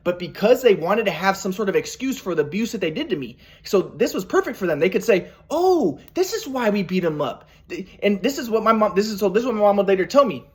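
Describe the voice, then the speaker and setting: Man, personal story monologue, rapid speech, rambling, frequent restarts, acts out quotes. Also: sits high. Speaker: vlogger.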